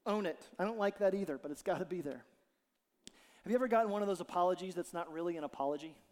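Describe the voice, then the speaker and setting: A man preaching a sermon as pastor, animated and joking, acting out quotes as he goes. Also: high voice, fast. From Ohio. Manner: animated, jokey, acts out quotes. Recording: long hall reverb.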